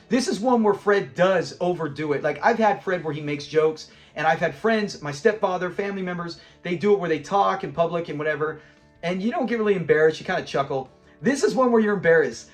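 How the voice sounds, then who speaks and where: Male reviewer with a high voice, a lively retelling of episodes, faint background music. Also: quick pace. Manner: animated, laughs often, acts out lines while retelling scenes. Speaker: show reviewer.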